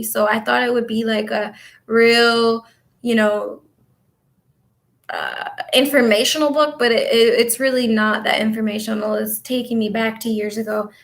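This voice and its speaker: A talkative woman with a slightly high voice, chatting loosely to her viewers as she sorts through her things. Her talk rambles from one thought to the next, and she stops now and then to answer comments from the audience. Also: creaky. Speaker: vlogger and spiritual coach. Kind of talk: casual chat to viewers while tidying.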